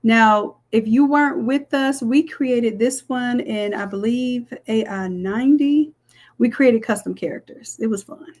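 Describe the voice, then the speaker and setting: A design instructor with a fairly high, darkish voice runs a live screen-share tutorial at a measured pace. She chats with viewers, says "y'all," and walks them through each step.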